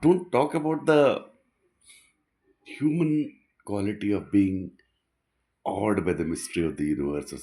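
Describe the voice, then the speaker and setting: A man's voice: on the low side, darkish tone. A man giving an earnest, rambling reflective monologue, often restarting his sentences.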